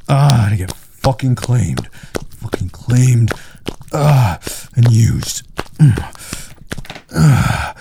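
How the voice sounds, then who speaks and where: Man, low gravelly voice, slow and commanding, dominant role-play, audible background hiss. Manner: dominant and commanding, heavy breathing. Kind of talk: intimate audio role-play.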